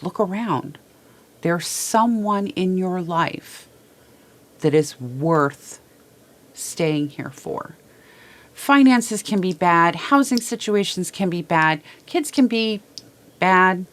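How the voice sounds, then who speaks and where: A woman host speaking to viewers from a small studio in a halting, emotional way, repeating words as she holds back tears. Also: lowish voice. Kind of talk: heartfelt personal talk to viewers.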